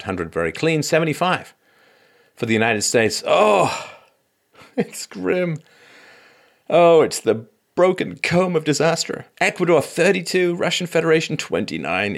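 A man's voice: mid-range voice, a bit bright. A male political commentator reading out statistics with sarcastic asides and short laughs.

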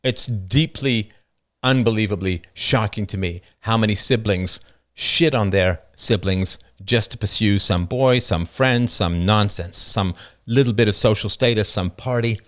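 A man's voice: measured pace, fairly bright tone. A man hosting a livestream, talking passionately and rambling through personal stories, often laughing at them. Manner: passionate, rambling storyteller who laughs at his own stories; acts out quoted people in a higher voice. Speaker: livestream show host. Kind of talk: unscripted monologue on a livestream.

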